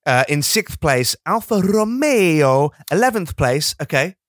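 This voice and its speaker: A man's voice: a little high, very animated, a little slow, dry recording, clean studio sound. A man co-hosting a comedy podcast, joking and acting out silly scenes in put-on voices. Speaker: podcast co-host. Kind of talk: comedic casual chat.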